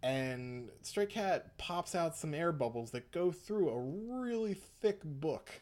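A man's voice: on the high side, expressive, takes it slowly, a little mellow. A man retelling an episode in casual chat, rambling, swearing and laughing often.

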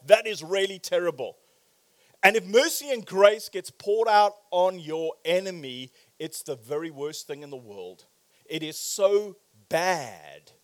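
A man preaching a sermon in a church, animated, swinging from loud exclamations to quiet, probing questions. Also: high voice. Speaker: pastor.

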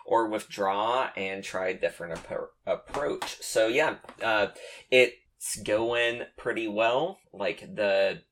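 A man running a tabletop game as game master, talking in a relaxed, halting way. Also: fairly low pitch, slight background noise.

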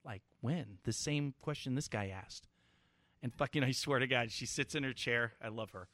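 A man co-hosting a podcast, telling stories in a profane, excitable, joking way. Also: medium pitch, no room sound. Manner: excitable, profane storyteller, fast and loud. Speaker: podcast co-host. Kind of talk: casual chat.

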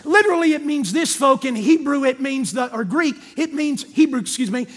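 Talking fast with few pauses in a very high-pitched voice, an older pastor delivers a sermon that blends scripture with personal anecdotes. He speaks emphatically, calls out to the congregation, and acts out quoted dialogue in his storytelling.

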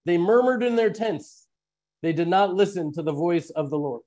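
A man's voice: high voice, lively intonation, normal speed, dark tone, muffled recording. A man hosting a live online Bible teaching, posing earnest questions to his listeners.

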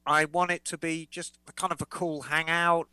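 A woman's voice: low-pitched, flat delivery, moderate pace, bright, forceful tone, clean tone, no room sound, poor audio. A woman co-hosting a motorcycle podcast, reading listener letters aloud in a chatty, playful way. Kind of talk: casual podcast chat.

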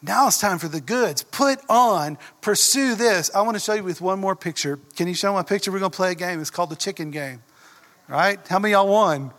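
A man's voice: high-pitched, fairly quick, fairly bright tone. A middle-aged man with a Southern US drawl preaching a sermon in a church, earnest, often asking the congregation questions. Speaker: pastor. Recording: echoey church hall.

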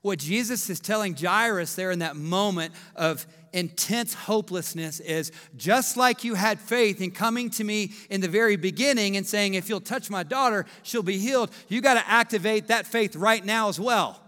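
A man in his thirties preaches with a high, bright, ringing voice. He is emphatic and animated, and he acts out the quotes. A long hall reverb trails his words. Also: moderate pace, few pauses. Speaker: pastor. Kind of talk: sermon.

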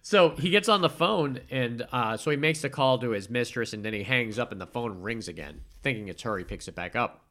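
A man's voice: mid-range voice, lively intonation, fairly quick, few pauses, a bit bright. A man in casual chat, recapping a movie plot and acting out its lines with swearing and laughter.

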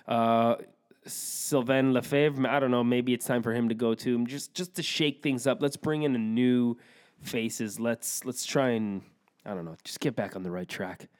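A man's voice: mid-range voice, fairly even intonation, unhurried, smooth. A man co-hosting a sports podcast, giving blunt, opinionated takes and joking with his partner. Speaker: hockey podcast co-host. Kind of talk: casual sports chat.

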